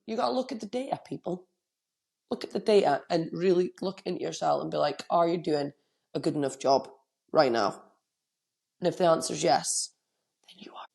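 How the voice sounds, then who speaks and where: A woman's voice: on the low side, expressive, moderate pace, vocal fry, pauses often, warm tone. A middle-aged woman with a cold, hosting a solo podcast as a coach and speaking candidly and emotionally into a microphone. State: has a cold, coughing.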